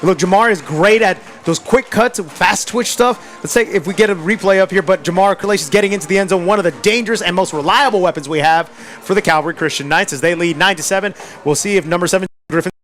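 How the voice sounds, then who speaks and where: A man calling a high school football game play by play, building to shouts on big plays. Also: fast talker, soft background music. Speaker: play-by-play announcer. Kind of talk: live sports play-by-play commentary.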